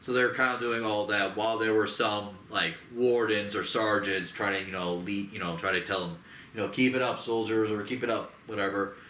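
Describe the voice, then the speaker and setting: A man in casual chat about a movie, rambling with fillers and jumping into squeaky high voices for quotes. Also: steady tone, a little fast, pushed and bright. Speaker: co-host. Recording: roomy echo with faint noise.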